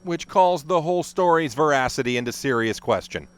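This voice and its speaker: Sarcastic deadpan male riffer. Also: a little high, brisk. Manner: deadpan wisecracks in mock voices. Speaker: comedic riffer dubbing over a film. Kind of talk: sarcastic comedy riffing. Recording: over background music.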